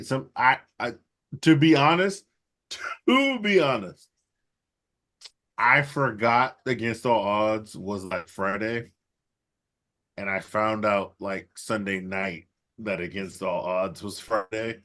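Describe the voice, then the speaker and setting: A man's voice: fairly low pitch, steady tone, slow pace, a bit bright. Blunt, crude man chatting on a podcast. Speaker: podcast co-host. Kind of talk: casual wrestling chat.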